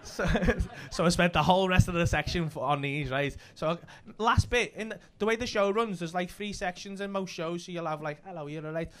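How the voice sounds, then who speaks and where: A man with a Liverpool accent, a comedian and club host telling stories in casual chat, swearing freely with rapid banter. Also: high voice, a bit bright, a little hiss or hum. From Liverpool, England.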